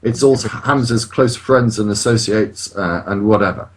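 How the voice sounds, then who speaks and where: A man's voice: on the low side, measured pace. A man on a podcast, talking in an indignant, emphatic way and swearing freely. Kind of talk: casual chat.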